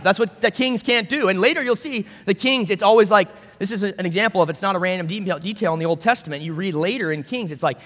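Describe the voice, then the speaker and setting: A man's voice: sits high, expressive, brisk, fairly bright tone, big-room sound. A man pastor preaching a sermon in a conversational way, with storytelling asides.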